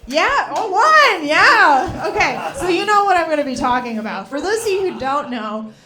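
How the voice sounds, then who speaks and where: A young adult woman doing a stand-up set in a comedy club, with a deadpan, self-mocking and slightly disgruntled delivery. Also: extremely high pitch, moderate pace.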